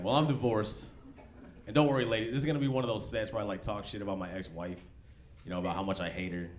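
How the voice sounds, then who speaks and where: A man in his thirties doing a stand-up set in a comedy club, talking loose and slangy. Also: lowish voice. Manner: loose, slangy, conversational delivery. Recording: live club recording, background noise.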